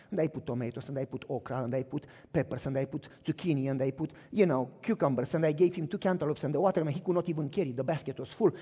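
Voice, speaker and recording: A man's voice: fairly high pitch, rapid-fire, hardly any pauses, a little mellow, slightly rough, long reverb tail. A man preaching a storytelling sermon as a pastor, who acts out the dialogue and asks the audience questions.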